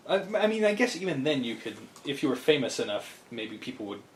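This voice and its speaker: A man's voice: mid-range voice, very animated, brisk, slight background noise. A man co-hosting a podcast, chatting casually and rambling with enthusiasm, often restarting his thoughts. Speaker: podcast co-host. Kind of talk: casual chat. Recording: echoey room with faint ambience.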